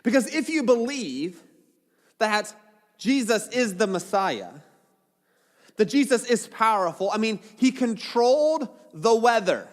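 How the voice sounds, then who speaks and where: A man's voice: sits high, very animated, measured pace, big-room sound. A man preaching a sermon as pastor, casual and joking, with dramatic retellings.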